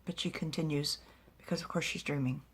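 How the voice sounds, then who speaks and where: A woman narrating a fantasy story in soft, whispered ASMR storytelling with small asides. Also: sits low, fairly even intonation, a little fast, slightly rough.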